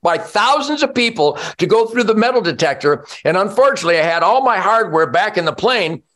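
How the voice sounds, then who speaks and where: A man, telling a boastful, theatrical story as a radio host, rushing some lines and drawing others out slowly. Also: high-pitched, lively intonation, a bit bright. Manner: boastful, theatrical, swinging from fast bursts to slow drawn-out lines. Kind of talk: animated storytelling.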